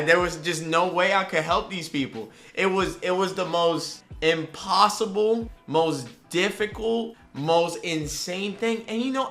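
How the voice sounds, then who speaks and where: A young man tells a casual story straight to the camera, full of slang and quick asides. His voice is bright and sits a little high. It jumps even higher whenever he acts out his disbelief. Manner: animated, slangy storytelling that rises high when excited. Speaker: vlogger.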